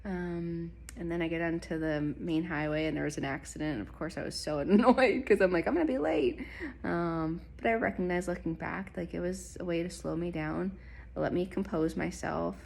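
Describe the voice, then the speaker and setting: A young adult woman speaking softly and haltingly, telling viewers a personal story with many pauses and fillers. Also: deep voice, flat delivery, gravelly. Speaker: spiritual vlogger.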